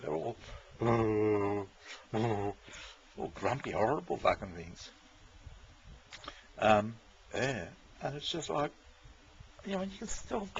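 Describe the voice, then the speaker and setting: A man's voice: fairly low pitch, creaky, slight background noise. A man, rambling in casual chat, swearing freely and chuckling often. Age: 60s. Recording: dull lo-fi recording.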